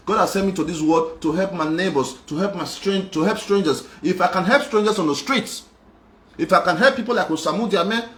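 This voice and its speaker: A man's voice: sits high, a bit bright, echoey room. A young man, speaking on a live show in an insistent, repetitive, emphatic monologue. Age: young adult. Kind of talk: emotional personal monologue.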